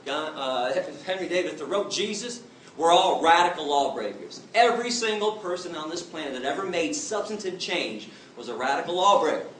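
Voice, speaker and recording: A man's voice: on the high side, lively intonation, moderate pace, fairly bright tone. A man answering audience questions in an emphatic, plain-spoken storytelling manner. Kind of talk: public talk, Q and A. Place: large echoey hall. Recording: echoey hall from far off, noisy.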